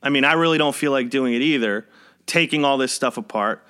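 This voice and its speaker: A man's voice: mid-range voice, fairly quick, bright, forceful tone, clear, resonant tone. A young man hosting a podcast, casually telling a personal work story in a wry, conversational way and chuckling as he goes. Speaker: podcast host.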